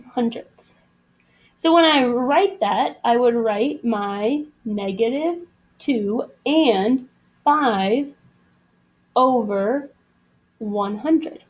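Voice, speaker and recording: A woman's voice: on the high side, extremely slow, long pauses, phone-quality sound. A woman teaching a math lesson, explaining patiently step by step. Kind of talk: recorded classroom lesson.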